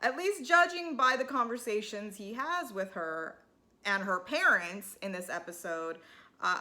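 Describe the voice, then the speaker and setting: A woman's voice: a little high, pushed and bright. A woman giving a casual, opinionated and sarcastic recap of a reality TV episode. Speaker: TV recap vlogger.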